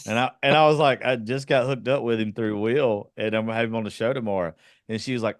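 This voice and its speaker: A man's voice: mid-range voice, fairly even intonation, fast talker, dry recording, clean studio sound. A man with a Southern American accent from South Georgia, hosting a podcast in a loose, profane, drawling way. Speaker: podcast host. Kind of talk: casual podcast chat.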